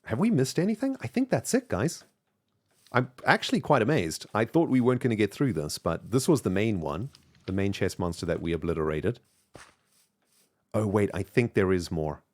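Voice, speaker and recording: Streamer, male, low voice, South African accent softened by British, chatty and rambling. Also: animated, moderate pace. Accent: mixed South African and British English. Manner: chatty, thanks viewers warmly, rambling with fillers. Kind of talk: casual live-stream chat while gaming.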